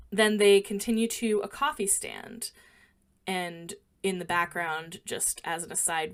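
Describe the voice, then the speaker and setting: A woman's voice: lowish voice, a bit bright. Matter-of-fact woman podcast co-host. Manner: detailed, matter-of-fact recounting, quoting dialogue. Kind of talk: casual podcast chat, describing film scenes.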